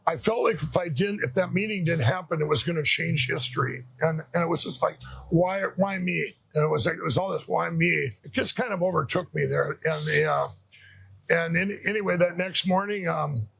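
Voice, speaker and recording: A middle-aged man with a gravelly, husky voice, pitched a little high for a man, recounts his story in a rambling, heartfelt way. He restarts often and circles back, and the recording is close and dry. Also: lively intonation, a little fast, a bit bright, no room sound. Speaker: interview guest. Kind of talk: conversational storytelling.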